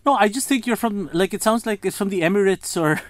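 High-voiced man. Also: fast talker, no room sound. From India. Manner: joking, animated, restarts. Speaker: podcast co-host, guest. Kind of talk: casual chat.

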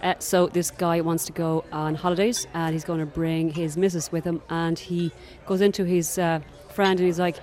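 A woman's voice: fairly low pitch, normal speed. A woman from Ireland with an Irish accent, telling a joke and acting out the people in it. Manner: animated, acts out the characters loudly. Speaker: joke teller.

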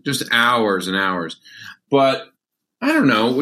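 A comedian guest on a podcast, joking around over a video call in a playful, punning way. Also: male voice, slow pace, sharp tone. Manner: playful, punning, jumps up in pitch for jokes. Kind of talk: casual comedic chat.

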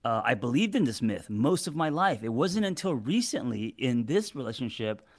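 Man, forties, casual advice monologue, halting, stumbling, filler-heavy. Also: mid-range voice, big pitch swings. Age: 40s. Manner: halting, trips over his words, many fillers and restarts. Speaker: relationship advice vlogger.

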